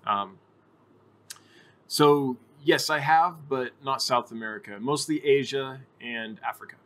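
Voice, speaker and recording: A man's voice: medium pitch, unhurried, a bit bright. A man hosting a casual livestream, answering viewer questions in a chatty, rambling way with lots of ums and self-corrections. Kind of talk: casual live chat.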